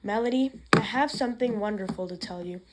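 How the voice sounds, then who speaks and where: A woman's voice: mid-range voice, a little fast, very noisy, close to an everyday voice. A woman reading the lines of a worried expectant mother in a plain read-aloud voice. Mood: tender. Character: worried expectant mother, tender then tearful.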